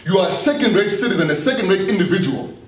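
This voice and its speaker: A man's voice: high-pitched, lively intonation, fast talker. Earnest man speaking to a hall. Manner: earnest, repeats words, asks the audience questions. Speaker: speaker addressing an audience. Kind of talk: live motivational talk. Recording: roomy hall, distant mic, faint noise.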